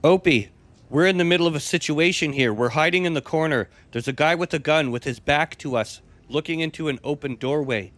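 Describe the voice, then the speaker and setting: A man's voice: on the high side, a bit bright. A man narrating a role-play game as game master, telling the action casually and graphically.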